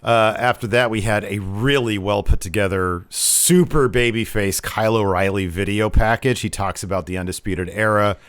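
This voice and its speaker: A man's voice: lowish voice, normal speed, few pauses, a bit bright, clear, resonant tone, dry recording. A man co-hosting a wrestling podcast, chatting casually, laughing easily and drifting into asides. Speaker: podcast co-host. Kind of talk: casual wrestling review chat.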